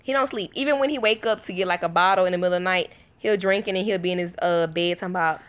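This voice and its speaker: A woman's voice: fairly low pitch, racing, hardly any pauses, clear, resonant tone. A woman chatting casually to her viewers at home, tired after a night of little sleep, telling a story in a loose, conversational way and calling her audience y'all. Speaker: vlogger.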